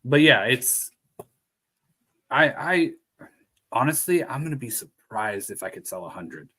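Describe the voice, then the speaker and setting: A man's voice: medium pitch, expressive, a little slow, bright, forceful tone, husky. A man with a lisp streaming and chatting casually, rambling, laughing and swearing. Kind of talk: casual chat.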